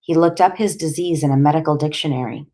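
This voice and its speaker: A woman voicing a weary, gentle female doctor in an audiobook, calm and soft-spoken. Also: low-pitched, fast talker, close to an everyday voice. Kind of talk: audiobook character dialogue.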